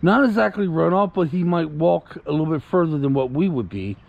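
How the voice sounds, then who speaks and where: A man's slightly high voice has lively intonation, a brisk pace and some creak, captured in dull audio. Out walking his puppy, he chats casually to the camera, rambles, repeats himself and talks soothingly to the dog.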